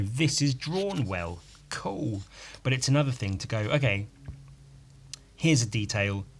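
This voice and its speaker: A man with a lowish voice talks on his own in a loose, rambling way, tossing in swear words and jokes at his own expense. His tone is dry and sardonic, in a casual solo-podcast style. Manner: sardonic, rambling, swears freely, self-mocking asides. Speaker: podcast host.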